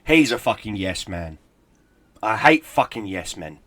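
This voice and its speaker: A man's voice: fairly low pitch, big pitch swings, unhurried, fairly bright tone, dry recording. Furious profane man ranting. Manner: profane, heated, sarcastic. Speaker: gaming YouTuber. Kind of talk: angry ranting commentary.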